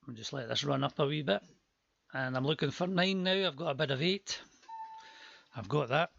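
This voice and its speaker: A man's voice: fairly high pitch, normal speed, vocal fry, fairly bright tone, lo-fi sound. A man calling a live auction stream, chatty with joking asides, his voice worn from a long day before.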